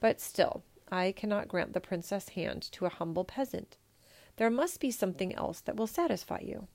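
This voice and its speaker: Woman doing a fretful old storybook emperor, pleading and flustered, slightly gravelly. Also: mid-range voice, lively intonation, normal speed, darkish tone, no echo. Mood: emphatic. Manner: pleading then flustered outbursts. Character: anxious, excitable old male emperor.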